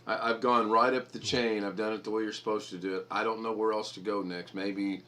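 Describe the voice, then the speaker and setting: A man's voice: little pitch movement, fairly quick, bright, forceful tone. A middle-aged man hosting a live stream, chatting casually and bluntly, acting out the people in his stories. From United States. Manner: blunt storyteller, mimics people in high voices. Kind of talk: casual chat.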